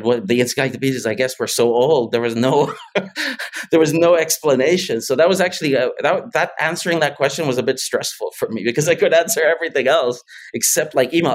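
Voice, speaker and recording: A middle-aged man telling stories as a guest in a casual interview, full of restarts and little laughs. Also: mid-range voice. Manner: rambling storyteller, many restarts and laughs. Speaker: guest, tech founder.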